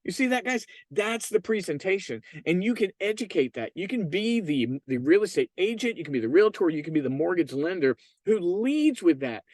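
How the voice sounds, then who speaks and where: A man's voice: sits high, sing-song, normal speed, hardly any pauses, a little mellow, dry recording. A man hosting a solo podcast, giving emphatic, persuasive business advice straight to his listeners. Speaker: podcast host and real estate marketing consultant.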